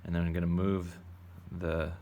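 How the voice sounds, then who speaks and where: The recording is muffled with slight background noise, and the man's low, mellow voice stays flat at a moderate pace. As an art teacher, he playfully chats kids through a drawing, narrating step by step.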